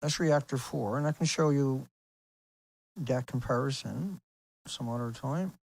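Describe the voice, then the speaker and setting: This video host talks a little slowly in a medium-pitched, darkish voice with vocal fry. Over on-screen pictures he rambles casually but insistently, asking rhetorical questions.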